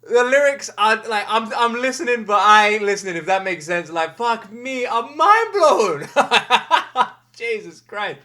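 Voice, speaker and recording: A woman hosts a casual first-listen music reaction, her high voice unhurried yet excitable. She bursts into loud exclamations, swears heavily, and laughs often.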